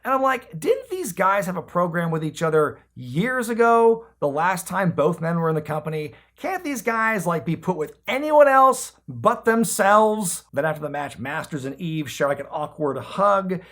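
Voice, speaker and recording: A man's voice: high voice, moderate pace, hardly any pauses. A man casually recapping an old wrestling episode as a podcast host, joking, swearing now and then and acting out quoted lines. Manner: animated, jokey, swears casually, acts out quotes.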